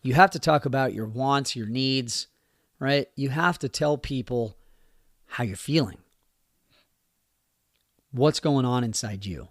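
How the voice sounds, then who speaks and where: On his own podcast, a middle-aged man who coaches youth speaks earnestly and from the heart about growth and communication, leaning on key phrases in this personal motivational monologue. His medium-pitched voice moves slowly with frequent pauses. The studio-quality recording has no room sound.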